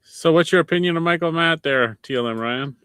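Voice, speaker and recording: Man, podcast host, casual chat, teasing, bright voice, dry sound. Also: a little high, fairly quick, smooth, dry recording. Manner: teasing, playful, does impressions.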